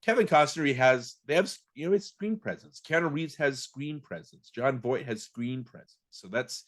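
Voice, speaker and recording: A man's voice: mid-range voice, animated, moderate pace, fairly bright tone. A man co-hosting a podcast, chatting casually about films in a rambling way, often restarting his sentences. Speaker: podcast co-host. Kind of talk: casual film chat.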